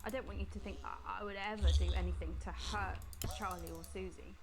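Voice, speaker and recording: A woman's voice: medium pitch, steady tone, quick pace, heavy background noise, lightly acted. An actress voicing a female television news anchor in a game, a posh on-air persona with an unhinged, pleading confessional manner, who drops into an off air.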